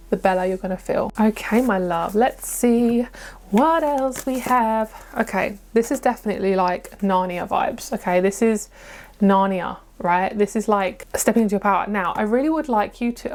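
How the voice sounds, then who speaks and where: A woman's voice: medium pitch, a little mellow. A woman giving a pick-a-card tarot reading to her viewers, chatty and encouraging, often stumbling over hard words. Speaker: tarot reader.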